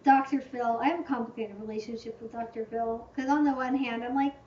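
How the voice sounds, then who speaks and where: A woman's voice: a little high, fairly even intonation, a little fast, few pauses, mellow, a little hiss or hum. A woman hosting a casual livestream Q&A, talking in a chatty, rambling way with lots of "like" and playful hyperbole. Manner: chatty, rambling, heavy use of "like", fond of hyperbole. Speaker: channel host answering viewer questions. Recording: echoey room, distant muffled mic.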